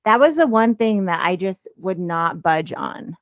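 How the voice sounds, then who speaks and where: A woman's voice: mid-range voice, expressive, measured pace, dry recording, dull audio. A woman in her thirties, talking in a casual, confessional podcast chat. She speaks with feeling and uses many fillers. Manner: emotional, confessional, many fillers like "you know". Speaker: podcast co-host.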